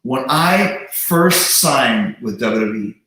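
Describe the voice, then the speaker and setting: A man hosting a casual livestream chat, talking animatedly with quick restarts. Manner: animated, restarts, imitates voices with big pitch jumps. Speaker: host. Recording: very echoey room.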